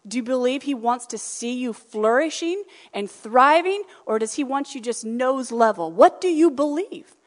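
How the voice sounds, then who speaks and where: A woman's voice: high-pitched, normal speed, few pauses. Woman preaching in a reverberant hall. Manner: conversational, animated, acts out quoted voices. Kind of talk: sermon.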